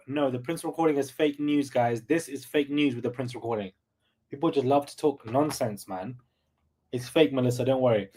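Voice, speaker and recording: A man hosting a live stream, reacting excitably, repeating himself and sometimes shouting, and reading out chat comments. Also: medium pitch, moderate pace, husky. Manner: reads out chat comments and thanks donors.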